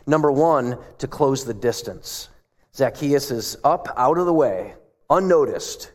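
A man's voice: mid-range voice, expressive, unhurried, a little mellow. A male pastor giving a sermon in a church, telling stories in a conversational way and asking the congregation questions. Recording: long hall reverb.

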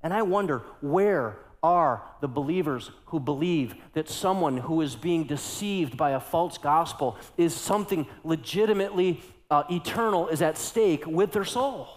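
A middle-aged male pastor preaching a sermon, going from hushed storytelling to loud, urgent exclamations. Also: a little high, lively intonation, normal speed, hardly any pauses, big-room sound.

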